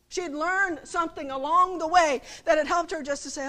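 A woman's voice: very high voice, normal speed, hardly any pauses, bright, forceful tone. A middle-aged woman giving a conversational sermon, often checking that listeners follow her with rhetorical questions. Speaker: preacher.

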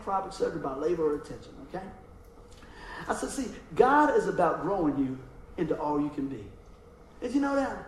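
A middle-aged man preaching with a high, bright voice and a lively, storytelling delivery. He keeps asking the congregation "amen?" His voice rings in an echoey room over faint background noise. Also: far from the mic. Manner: animated storytelling, frequent call-and-response "amen?". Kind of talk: sermon.

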